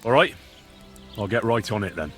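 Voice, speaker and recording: An actor playing an earnest, dry-witted young hired hand in a video game. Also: male voice, on the low side, expressive, normal speed, a bit bright. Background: game music.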